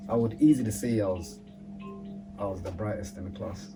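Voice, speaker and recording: A man's voice: fairly low pitch, a little fast, over loud music. A man in casual group chat, telling stories with slang and laughter. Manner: animated, laughing storyteller in London slang. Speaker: podcast panelist.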